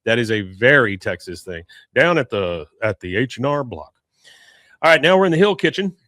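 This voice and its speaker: A man hosting a podcast, casually chatting and retelling scenes in an animated way. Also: medium pitch, normal speed, no room sound, studio quality. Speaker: podcast host. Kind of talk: casual chat.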